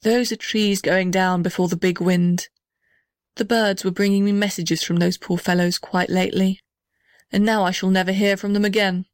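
A woman's voice: medium pitch, steady tone, normal speed, dry recording, studio quality, natural voice. A woman voicing an old gum tree, grave and matter-of-fact.

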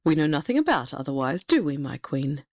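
A woman's voice: very animated, a little mellow, no room sound, full character voice. A woman doing a wry, dry-voiced storybook king. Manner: lowered, dry and measured. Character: wry, dignified older fairy-tale king.

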